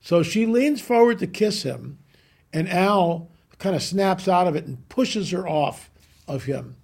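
A man, a guest on a talk show, telling a story with animated emphasis and repeating key lines. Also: high voice, measured pace, gravelly. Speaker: guest, UFO researcher. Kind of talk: podcast interview storytelling.

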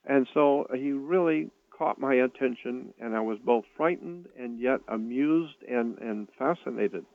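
An older man telling a personal story in an interview, speaking earnestly with halting starts and repeated words. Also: mid-range voice, creaky. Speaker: guest recounting a personal experience. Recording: tinny phone line, dry.

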